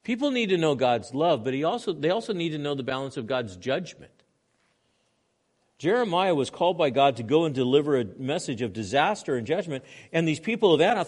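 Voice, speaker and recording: Animated male pastor preaching a sermon. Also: on the high side, brisk. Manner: animated preaching, swinging from loud to hushed.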